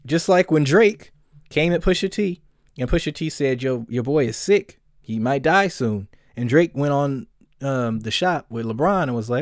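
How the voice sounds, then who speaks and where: A man's voice: medium pitch, lively intonation, moderate pace, no room sound, clean studio sound. A man hosting a solo commentary podcast, ranting bluntly and profanely, often getting heated. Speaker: podcast host.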